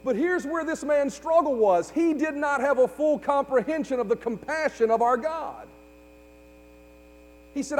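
A man with a strikingly high voice preaches from the pulpit, stirring his congregation and asking them to answer back. His words ring out into a big reverberant church. A faint electrical hum runs underneath. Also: animated, a little slow. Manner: preaching with rising fervor, call-and-response with congregation. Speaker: pastor. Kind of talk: sermon. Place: church sanctuary.

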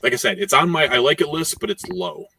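Podcast co-host, male, high gravelly voice, rambling delivery, sits back from the mic. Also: quick pace, bright, forceful tone, a little hiss or hum. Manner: rambling, many "you know" fillers. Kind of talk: casual chat. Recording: voice distant from the mic.

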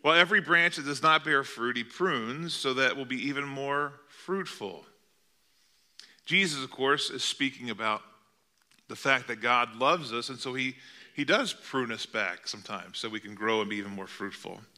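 A man's voice: medium pitch, normal speed, sharp tone. A middle-aged male pastor preaching a sermon in an earnest, conversational way, asking the congregation rhetorical questions.

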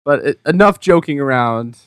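A man's voice: fairly high pitch, expressive, normal speed, a bit bright, clear, resonant tone, no echo, studio quality. A man casually joking and asking questions as a podcast co-host.

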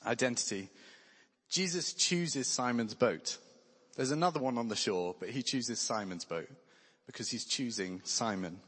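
A man's voice: medium pitch, normal speed, a bit bright, breathy edge. A man preaching a sermon in an earnest, conversational way with touches of light humor. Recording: long hall reverb.

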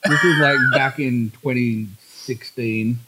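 A man's voice: medium pitch, animated, a little fast, very noisy. A man in his thirties with an Australian accent, a podcast co-host in casual chat, sardonic and profane, often acting out the voices of people he met. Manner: sardonic, swears, acts out other people's voices.

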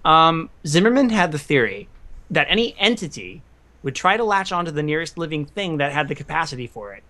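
A podcast co-host in casual group chat, relaxed and chatty with many fillers. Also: mid-range voice, fairly quick.

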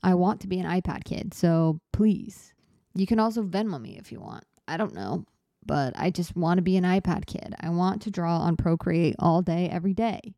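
A woman's voice: on the low side, normal speed, mellow, dry recording. A young woman in her twenties hosting a laid-back solo podcast, chatty and self-deprecating, a little out of breath as she rambles. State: slightly out of breath. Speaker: podcast host.

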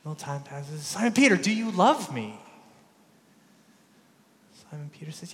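Guy preaching in a big echoey church, kinda high voice, chatty storytelling, trips over his words a lot. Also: expressive, moderate pace, pauses often, slight background noise. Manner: warm conversational storytelling with stammered restarts. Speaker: pastor. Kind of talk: sermon.

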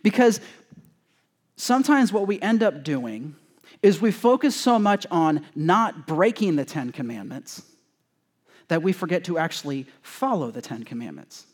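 A high-voiced male pastor preaching to his congregation in a church. He talks casually and jokes with the people, and he acts out the lines he quotes with a lot of life. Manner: conversational and joking with the congregation; animated, acting out quoted voices. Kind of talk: sermon. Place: church sanctuary before a congregation.

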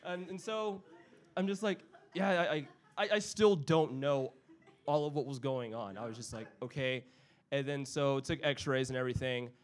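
A young man telling a personal story in casual chat, animated and full of fillers, acting out family members' voices. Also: medium pitch, normal speed.

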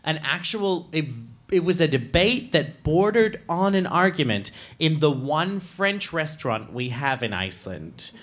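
High-voiced, animated man hosting live. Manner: animated, laughing, quick storytelling. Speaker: podcast co-host. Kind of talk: live comedy podcast chat on stage. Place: stage before a live audience.

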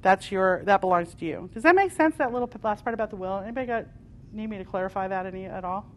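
A woman leading a live spiritual workshop, passionate and emphatic, swinging between loud declarations and quieter asides. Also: medium pitch, fast, a little hiss or hum. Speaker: workshop leader. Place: workshop room with a live audience.

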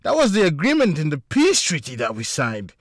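Man putting on a shrill screaming official. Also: huge pitch swings, fairly quick, no room sound, clean studio sound. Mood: furious. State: hoarse. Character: furious blustering male city official.

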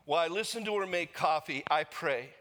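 A man's voice: fairly high pitch, a little fast, sharp tone. A man preaching a sermon as the pastor, earnest and leading the congregation in reading aloud. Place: church sanctuary. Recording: long reverb of a church hall.

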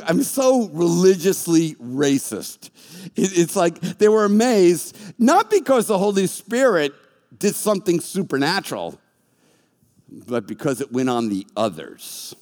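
A man preaching a sermon as a pastor, telling stories with animation and acting out the voices of the people in them. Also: a little high. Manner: animated storytelling, acts out voices. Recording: long reverb of a large hall.

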